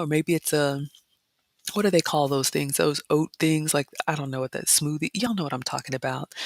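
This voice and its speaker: A woman vlog host walking viewers through a brunch buffet, chatting casually, reading comments aloud and often dropping into soft excited whispers. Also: deep voice, dry recording, clean studio sound. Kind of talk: casual live-stream walkthrough.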